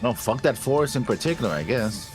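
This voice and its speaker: A man's voice: mid-range voice, big pitch swings, a little fast, faint music behind. A man co-hosting an anime reaction show, chatting casually with short, laid-back replies. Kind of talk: casual chat.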